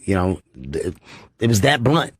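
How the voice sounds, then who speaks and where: A man's voice: fairly low pitch, expressive, unhurried, slightly rough, dry recording. A comedian guest, a man, telling candid stories in a studio interview, earnest and repeating phrases as he goes. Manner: earnest, repeats phrases, acts out others' voices.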